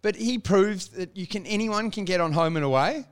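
A man's voice: high-pitched, moderate pace, smooth. A man chatting as a comedian on a casual podcast, swearing often and laughing through rambling banter. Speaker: comedian and co-host.

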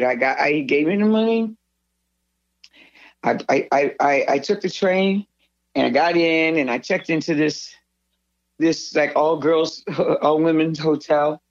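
An older woman, a guest in an interview, recounting a memory in a rambling, animated way, often restarting her sentences. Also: deep voice, dry recording. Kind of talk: storytelling in a conversational interview. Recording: slightly dull, dry sound.

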